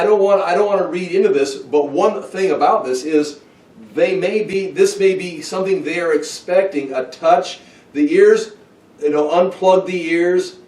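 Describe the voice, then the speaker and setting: A man teaching a Bible study in a roomy space, set back from the mic. His voice sits a bit high for a man, and he thinks aloud, restarting sentences and adding asides as he explains the passage. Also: a little mellow, recorded from a distance.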